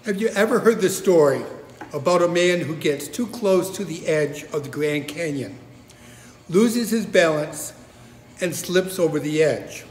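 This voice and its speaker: A man leading prayer and preaching as pastor, measured and solemn, recorded in a church sanctuary. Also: on the high side, lively intonation. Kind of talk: prayer and sermon. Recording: reverberant hall.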